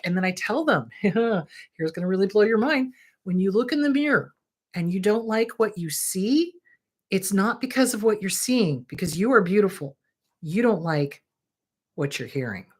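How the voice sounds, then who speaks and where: A middle-aged woman therapist hosting a show, giving casual advice in a blunt, animated way, swearing for emphasis and checking in with the listener. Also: medium pitch, normal speed. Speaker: therapist, podcast host.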